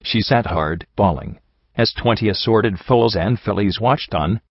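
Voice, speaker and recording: A man reading a first-person fan fiction story aloud in a wry, even manner. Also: fairly low pitch, a little slow, dry recording, dull audio. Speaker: audiobook reader.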